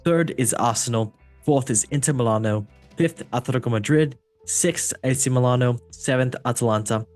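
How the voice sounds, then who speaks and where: A man's voice: mid-range voice, normal speed, darkish tone, soft background music. A man hosting a casual football podcast who reads results in an upbeat, breezy way and often falls back on stock phrases. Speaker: host.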